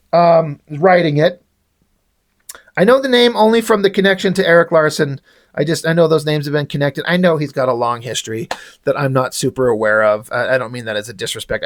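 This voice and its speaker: A man with a notably high voice talks through a comic book on camera. He rambles casually, swears freely and trips over his own restarts.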